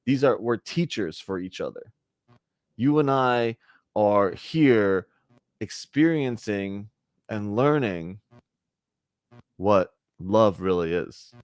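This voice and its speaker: A man's voice: fairly low pitch, lively intonation, slow, long pauses, dry recording. A man giving a conversational spiritual talk to a group, often checking in with "right?" and acting out little bits of dialogue. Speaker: spiritual teacher.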